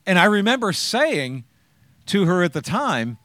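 A man's voice: sits high, sing-song, a little slow, sharp tone, no echo, clean studio sound. A man in his sixties sharing his personal testimony with an audience, as a chatty, joking storyteller who acts out the lines he quotes.

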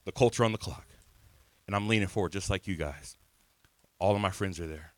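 A man in his thirties preaching an energetic sermon, telling his own story, calling on the crowd and swinging from soft to shouted lines. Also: sits low, brisk, no echo. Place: church hall before a congregation.

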